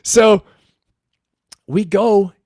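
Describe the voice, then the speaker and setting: A man's voice: high voice, drawn-out words, a little mellow, dry recording, studio quality. A middle-aged man hosting a livestream, telling a story in a rambling, profane way and laughing often. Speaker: livestream host and coach.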